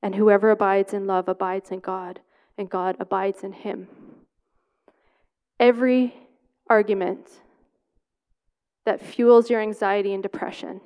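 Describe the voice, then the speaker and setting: A woman's voice: medium pitch, level tone, a little slow, long pauses, warm tone, clear, resonant tone. A woman preaching a sermon, reading scripture and telling a personal story, stressing words by repeating them. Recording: long hall reverb.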